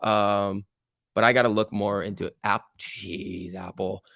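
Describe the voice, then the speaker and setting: A man hosting a live stock trading stream, reacting excitedly to price moves and chatting casually with viewers. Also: on the low side, a little slow, vocal fry, no room sound, clean studio sound. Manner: excitable, exclaiming at price moves, reading chat aloud. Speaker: stock trading livestream host.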